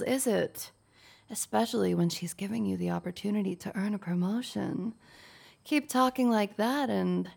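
A woman playing a gravelly, teasing lady boss. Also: mid-range voice, darkish tone. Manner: mocking, teasing and bossy. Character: domineering, teasing young woman company boss. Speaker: audio role-play performer. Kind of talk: intimate audio role-play.

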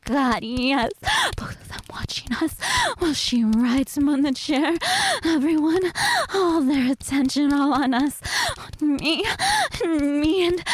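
Breathless, moaning woman in adult audio role-play. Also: slight background noise. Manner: moaning, breathless, shifts from low purr to high cries. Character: married older woman, lustful and brazen.

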